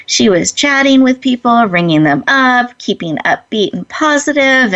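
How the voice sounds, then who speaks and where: A woman's voice: fairly high pitch, animated. Earnest woman host, muffled audio. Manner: earnest storytelling, gentle slow instructions. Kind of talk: inspirational talk and guided breathing.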